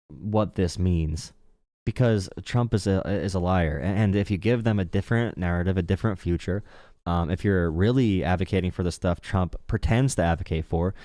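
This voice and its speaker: A young man from the Appalachian coal region hosting a live political call-in show, talking fast with many fillers and restarts. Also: low-pitched, darkish tone, no echo, clean studio sound. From Appalachian coal region, USA. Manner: rapid, lots of fillers and restarts. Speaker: political talk show host.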